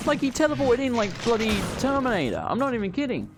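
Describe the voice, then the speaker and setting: A man's voice: extremely high pitch, very animated, quick pace, hardly any pauses, music in the background. Chatty man gaming. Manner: chatty, rambling, swears freely. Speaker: gaming channel host. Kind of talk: casual let's play commentary.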